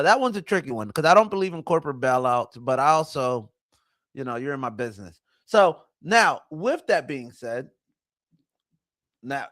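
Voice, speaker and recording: A man hosting a casual commentary show, talking in an animated way, with rhetorical questions and mocking voices. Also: fairly high pitch. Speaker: show host.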